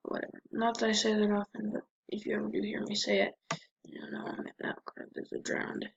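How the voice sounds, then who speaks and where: A woman's voice: mid-range voice, completely flat delivery, brisk, gravelly, slightly rough. A woman giving casual let's-play commentary, chatting to herself as she plays. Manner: chatty, talks to herself while playing. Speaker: gameplay commentator. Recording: dull lo-fi mic with faint noise.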